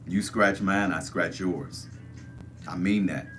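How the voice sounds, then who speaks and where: A man's voice: low-pitched, slow, fairly bright tone, faint music behind. A man hosting a casual livestream, repeatedly urging viewers to join the chat and give thumbs up. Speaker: livestream host.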